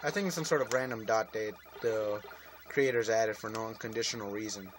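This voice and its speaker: A man's voice: fairly low pitch, a little fast. A man hosting a let's-play video, rambling and joking to his viewers as he plays. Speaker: gaming video host. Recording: noisy home recording.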